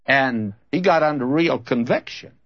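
Older man, preacher, husky, lively pitch, dull lo-fi recording. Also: a little slow. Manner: folksy storyteller acting out both sides of a conversation. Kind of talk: radio-style sermon with storytelling.

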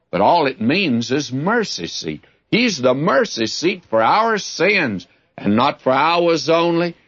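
A man's voice: medium pitch, fairly bright tone, slightly rough, muffled recording. A man teaching through a Bible passage in a folksy, conversational sermon, with frequent asides to his listeners.

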